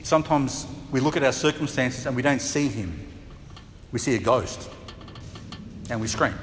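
A man preaching a sermon as pastor, chatty and lively, now and then acting out voices with a laugh. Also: medium pitch, moderate pace, long reverb tail, slight background noise. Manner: conversational, acts out voices and laughs.

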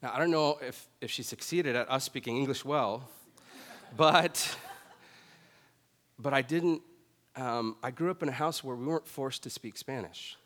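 A man's voice: mid-range voice, normal speed, pauses often, a bit bright. Man preaching casually in a reverberant hall. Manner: conversational, self-deprecating, often says "right?". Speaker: pastor. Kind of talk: sermon with personal story. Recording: long reverb of a large hall.

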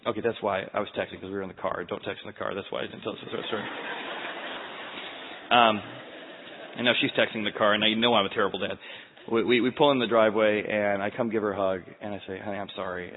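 A man in his forties preaching a sermon, telling personal stories in an earnest, confessional way. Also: on the low side. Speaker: pastor. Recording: phone-like sound with long hall reverb.

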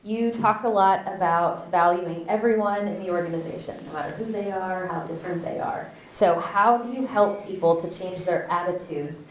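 A woman moderating a panel, asking her questions in a measured, deliberate way. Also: lowish voice, a little hiss or hum. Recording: echoey room, distant mic, faint ambience.

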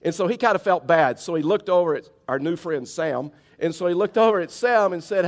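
A man's voice: high-pitched, lively intonation, a little fast, few pauses. A man preaching a sermon as a pastor, telling stories in a plain-spoken, conversational way.

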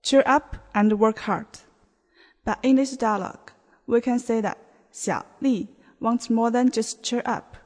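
Slow, clear woman teaching a language. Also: fairly high pitch, darkish tone. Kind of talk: podcast language lesson. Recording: long hall reverb.

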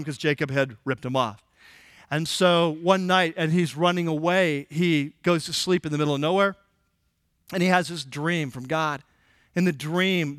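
A man's voice: a little high, fairly bright tone, no echo, studio quality. Casual, joking male pastor. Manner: conversational, jokey, acts out quoted lines. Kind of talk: casual sermon.

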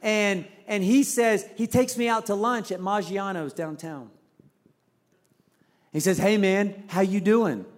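A middle-aged male pastor preaches in a casual, storytelling way. His voice sits fairly high, and he shifts his voice to act out the people he quotes. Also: unhurried. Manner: conversational, acts out quotes with shifts in voice. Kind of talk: sermon with personal story.

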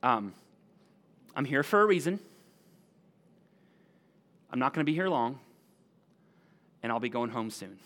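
A man preaching a sermon as a pastor, animated and conversational, often checking in with his listeners. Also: medium pitch, measured pace, pauses often. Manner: animated, conversational, asks the room "right?".

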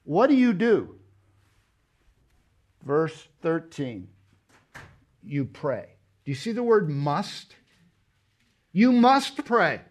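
A man's voice: fairly high pitch, sing-song, slow pace, pauses often. Emphatic man preaching a sermon. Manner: emphatic preaching with rhetorical questions and sudden loud stresses. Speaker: pastor. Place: church.

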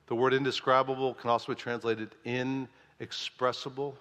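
A male pastor preaching a lively sermon, playful and animated, often jumping to high exclamations, in a church. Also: moderate pace, in a large hall. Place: church sanctuary.

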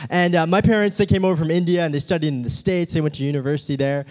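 Man, youth pastor, casual humorous sermon, chatty storytelling, lots of fillers, slightly high voice. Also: steady tone, very fast, darkish tone. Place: meeting room with a live audience.

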